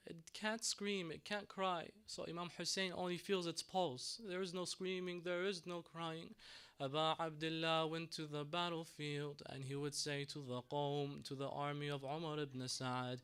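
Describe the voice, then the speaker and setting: A man giving a sermon in a mosque, telling a story dramatically, swinging between hushed and raised delivery. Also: a little high, steady tone, moderate pace, clean tone. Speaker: mosque lecturer.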